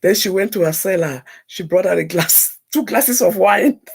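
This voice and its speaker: A woman telling an emotional personal story as a talk-show guest, animated and repeating phrases for emphasis. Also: mid-range voice, normal speed, creaky, husky.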